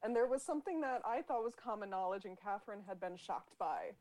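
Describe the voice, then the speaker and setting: A woman's voice: medium pitch, expressive, fast talker, a little mellow, a little hiss or hum, rough recording. A woman hosting a casual chat, explaining each topic to the group. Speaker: host.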